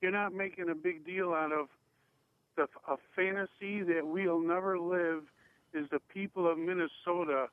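A man's voice: high voice, fairly even intonation, moderate pace. A man calling in to a sports radio show and chatting in a joking way. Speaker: caller. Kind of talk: call-in radio chat. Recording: tinny phone line.

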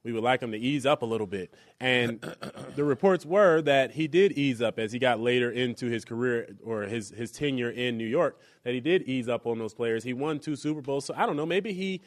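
A man's voice: medium pitch, moderate pace. A man co-hosting sports talk radio, speaking casually and thinking aloud.

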